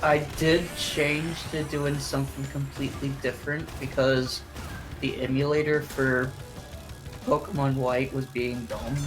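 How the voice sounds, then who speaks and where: Slow talker, voice chat player, crude teasing banter, loud game music behind. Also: medium pitch, fairly even intonation. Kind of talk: casual gaming chat.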